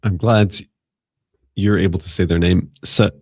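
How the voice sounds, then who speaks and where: A man's voice: low-pitched, fairly even intonation, husky, no room sound, clean studio sound. A man co-hosting a live psychic reading stream, playful and joking with his co-host in casual chat. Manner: playful and joking, with quick teasing asides.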